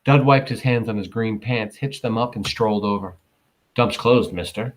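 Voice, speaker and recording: A man's voice: on the low side, fairly quick, low-quality recording. Man reading a novel aloud. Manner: casual, stops to comment and correct himself. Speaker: audiobook reader.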